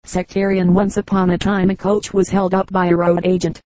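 A woman reading a book of humorous anecdotes aloud as an audiobook narrator, in a measured, even storytelling delivery. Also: lowish voice, no room sound, low-quality recording. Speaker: audiobook reader. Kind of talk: scripted narration.

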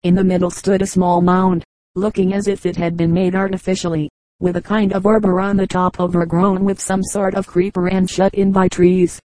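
A woman narrating an audiobook in a steady, measured reading. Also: fairly low pitch, no room sound, rough recording. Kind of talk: scripted narration.

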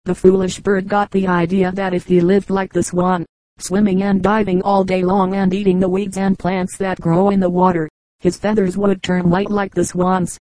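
A woman reading fables aloud as an audiobook narrator, in a calm, measured way. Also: medium pitch, no echo, rough recording. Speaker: audiobook reader. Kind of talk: storybook narration.

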